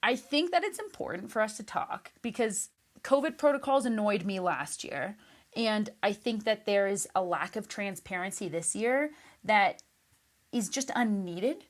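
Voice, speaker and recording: Brief: woman podcast host, enthusiastic, casual chat, medium pitch.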